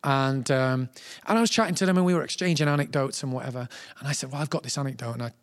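A man, a talk show guest and actor, telling a self-mocking story in a lively, animated way. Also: mid-range voice, fast talker, smooth. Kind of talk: casual anecdote.

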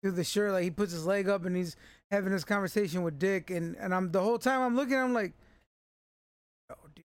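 A man's voice: sits high, fast talker, smooth, no room sound. A man co-hosting a casual podcast chat, laid-back and rambling, swearing freely. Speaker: podcast co-host reviewing a TV episode.

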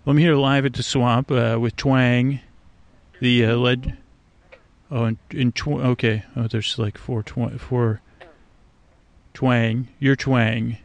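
Rambling man with a gravelly voice. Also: medium pitch, little pitch movement, slow pace, dry recording. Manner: meandering, hesitant, many fillers and restarts, whimsical. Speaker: sleep podcast host. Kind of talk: rambling, drowsy monologue outdoors at night. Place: outdoors by a swamp at night.

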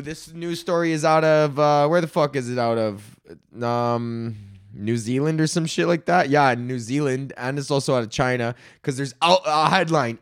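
Profane ranting man, fairly high voice. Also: slow pace. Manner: profane, rambling, laughs often. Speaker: podcast host. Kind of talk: casual ranting monologue.

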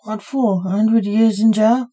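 A woman's voice: mid-range voice, fairly even intonation, measured pace, mellow, pitched above the performer's own voice, natural voice. A woman reading the lines of a blunt, scheming male prison boss in a short story, in a plain storybook voice.

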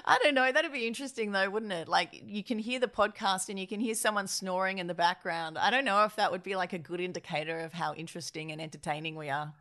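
A woman co-hosting a podcast over a video call, teasing her co-host with quick questions. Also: mid-range voice, bright, forceful tone. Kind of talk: casual chat.

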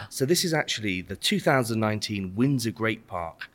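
A man's voice: on the low side, expressive, normal speed. A man hosting as the wine expert, explaining things eagerly with rambling asides. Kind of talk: casual chat.

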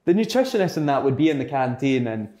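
A young Scottish man chatting in an interview, his voice sitting at an ordinary middle pitch. He tells his stories in a loose, rambling way, full of fillers and quick self-corrections. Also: very animated, mellow. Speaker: interview guest, footballer. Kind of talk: casual storytelling chat.

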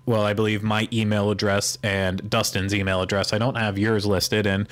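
A man with a somewhat low voice co-hosts a podcast. He talks in loose, casual chat and rambles. His jokes lean sarcastic. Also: level tone, moderate pace. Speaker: podcast co-host.

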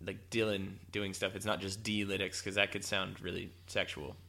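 A man's voice: sits low, level tone, normal speed, vocal fry, bright, forceful tone. A Canadian man co-hosting a casual sports podcast, joking and teasing. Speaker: podcast co-host. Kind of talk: casual chat.

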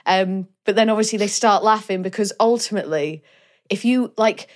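A woman's voice: medium pitch, moderate pace. A Welsh woman co-hosting a podcast, chatting casually and eagerly about a film and telling stories. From Wales. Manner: chatty, enthusiastic storyteller. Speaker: podcast co-host. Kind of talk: casual film review chat.

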